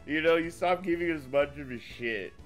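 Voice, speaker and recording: A man's voice: a little high, moderate pace, soft background music. Laid-back, cursing man chatting on stream. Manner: laid-back, swears constantly, laughs often. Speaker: streamer commentating on another streamer's video. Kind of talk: casual profane chat.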